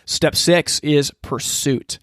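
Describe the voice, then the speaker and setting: A man teaching a step-by-step sales process in casual, energetic talk, acting out lines he would say to customers. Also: on the high side, takes it slowly, no echo, studio quality. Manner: energetic, acts out customer dialogue, frequent restarts. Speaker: sales trainer.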